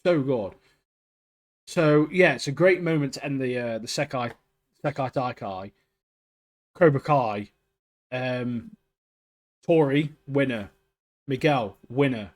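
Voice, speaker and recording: A man's voice: medium pitch, slow pace, long pauses. A man co-hosting a casual podcast chat, talking enthusiastically and filling his sentences with "mate" and "like". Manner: enthusiastic, peppers talk with "mate" and "like". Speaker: podcast co-host.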